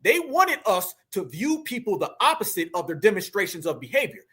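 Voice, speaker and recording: Man host, high bright voice, preachy slang-heavy commentary. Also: big pitch swings, a little fast, husky. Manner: emphatic, preachy, slang-heavy, addresses audience as family. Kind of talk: reaction commentary to clips.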